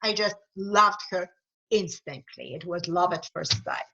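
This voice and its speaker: A woman speaking with an East European accent, a guest author talking slowly and thoughtfully in a webinar, sometimes repeating words as she searches for them. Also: lowish voice, vocal fry, sharp tone, lo-fi sound. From Ukraine. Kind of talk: webinar talk.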